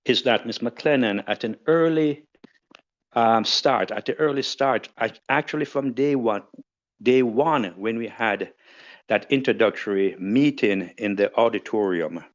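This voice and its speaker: Older man, slow and measured, formal speaking, muffled audio. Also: mid-range voice. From Jamaica. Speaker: podcast guest. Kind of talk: formal tribute speech. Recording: dull lo-fi audio.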